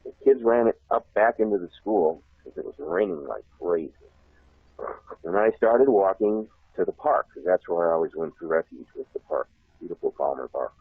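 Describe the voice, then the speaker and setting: Male interview guest, low husky voice, animated rambling storyteller, phone-line audio. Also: normal speed, dry recording. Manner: laughs often, repeats himself, animated. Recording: tinny phone line, dry.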